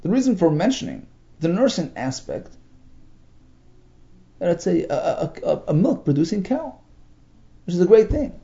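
A man teaching a Talmud text, reading out Aramaic phrases and explaining each in English, halting with many fillers. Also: high-pitched, huge pitch swings, creaky, dark tone. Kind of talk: text study lesson. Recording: dull lo-fi recording.

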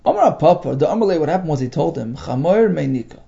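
A man teaching a Talmud text, reading out Aramaic phrases and explaining each in English, halting with many fillers. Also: a little high, lively intonation, creaky, dark tone. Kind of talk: text study lesson. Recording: dull lo-fi recording.

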